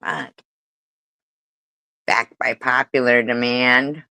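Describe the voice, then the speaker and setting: A woman's voice: very deep voice, little pitch movement, slow pace, pushed and bright, dry recording. A woman hosting a casual live stream, giggling often, swearing freely and breaking into playful bits of song. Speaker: livestream host.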